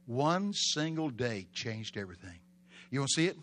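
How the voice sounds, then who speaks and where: A man preaching a sermon in a dramatic way, swinging between loud exclamations and hushed storytelling and drawing answers from the congregation. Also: medium pitch, sing-song, moderate pace, slight background noise. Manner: call-and-response with congregation.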